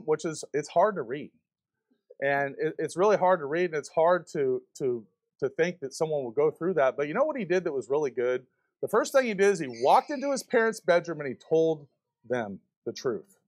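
High-voiced fiery male preacher. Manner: fiery, fast, rhetorical questions to the congregation. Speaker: visiting preacher. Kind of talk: sermon. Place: church before a congregation.

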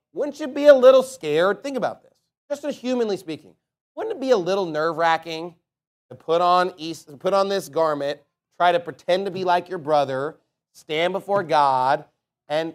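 A man preaching a sermon with passion, reading King James scripture and swinging between loud emphatic peaks and quiet asides. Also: high-pitched.

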